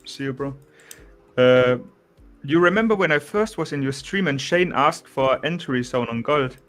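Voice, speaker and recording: Casting note: young German-accented man, easygoing chat, frequent restarts, mid-pitched. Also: moderate pace. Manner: relaxed, restarts often, says "bro" and "you know". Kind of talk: casual chat.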